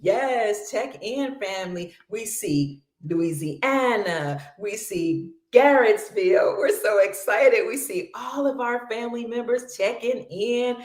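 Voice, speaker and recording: An exuberant woman hosting a livestream, her voice high and swooping all over the place. She talks at an unhurried pace, often slipping into song. The sound comes from an echoey room. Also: lively intonation, a little mellow. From Cleveland, Ohio. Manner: exuberant, sings snatches and laughs often. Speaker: livestream host. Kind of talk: casual livestream chat greeting viewers.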